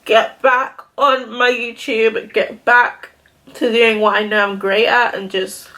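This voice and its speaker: A young woman, a beauty vlogger, talks casually to the camera while getting ready, wandering from point to point with lots of "like." She speaks slowly in a high-leaning, level voice with a sharp edge.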